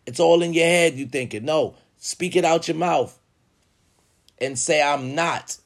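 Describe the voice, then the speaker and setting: A man giving casual motivational talk, preaching emphatically and swinging from low murmurs to loud urging. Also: a little slow, gravelly. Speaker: motivational vlogger.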